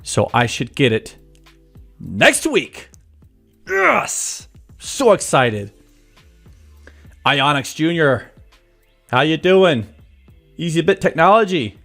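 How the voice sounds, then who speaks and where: Casting: male live-streamer, chatty and jokey, animated pitch, faint music behind. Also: slow, pauses often. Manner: chatty, jokey, greets viewers by name. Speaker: livestream host greeting chat. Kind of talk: casual live-stream chat. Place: home office.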